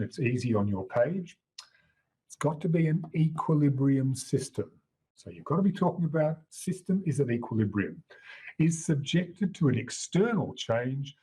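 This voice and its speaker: Lively husky male chemistry lecturer. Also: medium pitch. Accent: Australian. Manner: lively, jokey teacher who swoops up for emphasis. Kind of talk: exam-prep lecture. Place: lecture room. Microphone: wearable mic.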